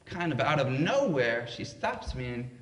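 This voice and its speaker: A man's voice: mid-range voice, big pitch swings, a little slow. A young man telling a funny personal story on a live stage, conversational and playful, with chatty asides to the audience. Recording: roomy live hall.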